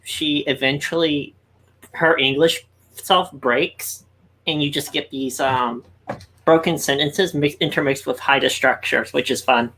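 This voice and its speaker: A woman with a low, husky voice joins a casual stream as guest co-host. She chimes in with short, teasing, playful remarks. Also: steady tone, a little slow, a bit bright, rough recording.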